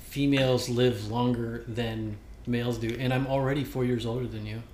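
A man's voice: mid-range voice, fairly even intonation, moderate pace, a little mellow, reverberant, a little hiss or hum. A man co-hosting a casual podcast, teasing with dry humor. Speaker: podcast co-host. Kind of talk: casual chat.

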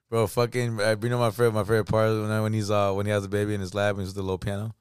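A man in casual podcast banter, excitable and constantly saying "bro". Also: on the low side, very fast, clean tone, dry recording, clean studio sound.

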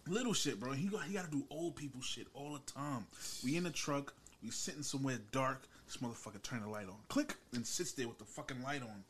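A man's voice: medium pitch, fairly quick, hardly any pauses, fairly bright tone, slight background noise. Profane, storytelling podcast host, a man. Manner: profane, storytelling, laughs often. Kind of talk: casual podcast chat.

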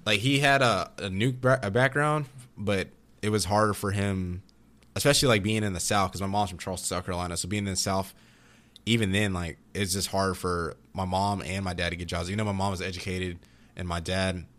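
A young man in casual chat, telling rambling, animated stories about growing up, with frequent restarts. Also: sits low, fairly quick. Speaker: podcast guest.

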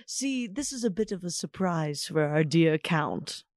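A woman's voice: deep voice, lively intonation, a little slow, a little mellow, no room sound, studio quality, voice pushed down. A woman voicing a gracious, scheming noblewoman with airy, theatrical courtly diction. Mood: coaxing.

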